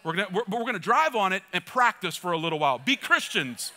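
A man's voice: high voice, big pitch swings, fast talker, bright, forceful tone, slight background noise. A male pastor preaching a sermon with energy, joking asides and calls to the congregation. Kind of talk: church sermon.

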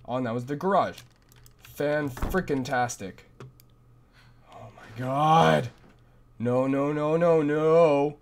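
A man's voice: on the high side, takes it slowly, pauses often. A man commentating a horror game as he plays, frantic and self-mocking, often repeating himself in a panic. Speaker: gameplay commentator. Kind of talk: let's play commentary.

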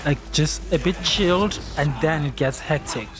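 A man playing a video game and reacting out loud, excitable and exclaiming at the screen. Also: fairly high pitch, normal speed. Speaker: gamer. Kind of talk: let's play reactions. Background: game sound and music.

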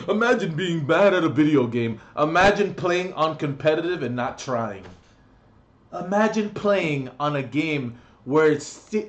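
A man's voice: a little high, animated, measured pace, dull audio. Man ranting with profanity. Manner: angry, profane ranting with mocking put-on quotes. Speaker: gaming vlogger. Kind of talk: ranting vlog monologue.

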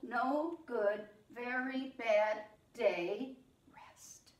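A middle-aged woman teaching young children in a sing-along music lesson, speaking gently and patiently. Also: a little high, roomy sound.

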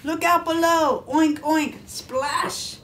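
A woman voicing a rowdy, playful pig in a children's story, loud and boisterous with a high squealing tone. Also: lively intonation, takes it slowly, reverberant, a little hiss or hum.

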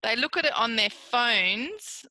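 A woman speech therapist working with a client, encouraging and praising with slow, exaggerated enunciation. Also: a little high, lively intonation, pushed and bright, no echo.

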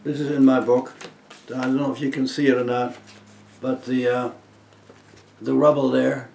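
A man in his eighties from Germany, giving an earnest inspirational testimony as a guest speaker and swinging between loud emphasis and soft hushed phrases. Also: medium pitch, little pitch movement, moderate pace, gravelly, reverberant, a little hiss or hum.

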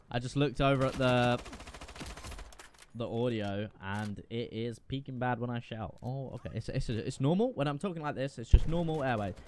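A man giving casual, profane, excitable commentary while playing a shooter game. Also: medium pitch, a little hiss or hum. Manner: profane, excitable, self-mocking. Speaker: gaming video creator.

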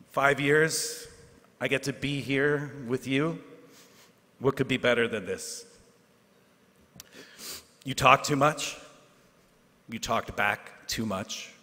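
A man, a teacher giving a graduation speech, earnest and self-deprecating, with asides and pauses for effect. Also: medium pitch, bright, forceful tone. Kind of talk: ceremonial speech. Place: large hall at a ceremony. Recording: hall reverb.

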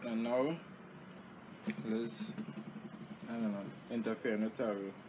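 A man's voice: on the low side, steady tone, a little slow. A man hosting a casual home vlog from bed, speaking to viewers as "people" and joking dryly with his partner. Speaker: vlog host. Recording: noisy home recording.

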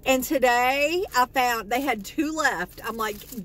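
A chatty, excitable woman talking casually in a shopping haul video. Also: on the high side, slow pace, poor audio. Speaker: vlogger.

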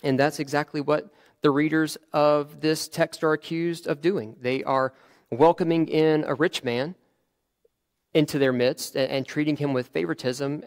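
A man's voice: mid-range voice, smooth. A man preaching a sermon in a conversational way, often restarting his phrases and adding fillers.

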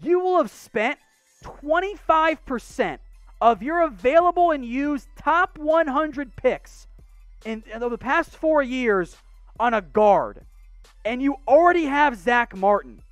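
A sports show host tears through viewer questions in casual mailbag commentary, blunt, opinionated and sarcastic. The delivery is lively, with pitch leaping up and down in rapid-fire bursts. The voice sits dry and close, with faint music underneath. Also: dry recording. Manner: animated, rapid-fire ranting with restarts.

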